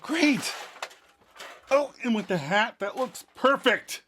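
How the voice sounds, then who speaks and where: A fussy, eager-to-please divorced dad, as a man puts him on in a comedy sketch, his voice leaping up high and swinging around as he fusses. He talks himself through each step out loud. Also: big pitch swings, measured pace, a little hiss or hum. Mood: fussing.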